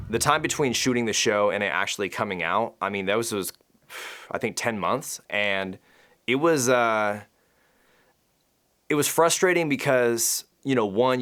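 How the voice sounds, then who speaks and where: Laid-back young man, low voice. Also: fairly bright tone. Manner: casual, slangy, many "like" fillers. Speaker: rapper. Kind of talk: reflective personal storytelling.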